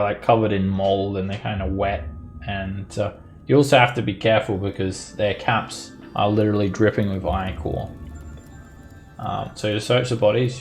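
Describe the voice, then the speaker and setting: A man narrating as dungeon master of a tabletop game, describing the action in a lively way with chuckles. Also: fairly low pitch, gravelly.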